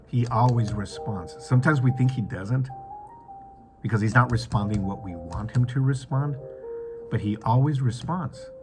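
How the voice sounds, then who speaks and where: A man giving a devotional talk as a preacher, halting and reflective, with many restarts. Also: mid-range voice. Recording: clear background music.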